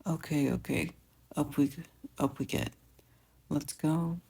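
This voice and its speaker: A gentle, doting teenage brother, voiced by a fan fiction reader speaks in a soft, coaxing and teasing way. The delivery is slow and mellow, with a gravelly edge, like a bedtime audiobook. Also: medium pitch, fairly even intonation, exaggerated voice. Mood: tender.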